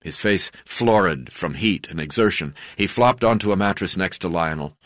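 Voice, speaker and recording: A man reading his memoir aloud, in a halting way with frequent hesitations. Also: deep voice, a bit bright, dry recording, studio quality. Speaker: memoir narrator.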